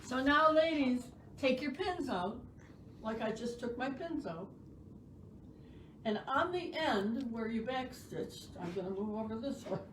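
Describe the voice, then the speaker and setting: A woman's voice: fairly high pitch, expressive, measured pace, slight background noise, rough recording. A middle-aged woman teaching sewing in a shop, chatty, playful and encouraging. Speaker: sewing instructor. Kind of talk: live sewing demonstration.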